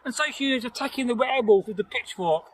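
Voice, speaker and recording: A man with a very high-pitched voice talks at a quick pace on a low-quality recording. He's the folktale storyteller and host of the channel, telling a tale casually outdoors in nature, rambling and chatting as he laughs and jokes with a companion.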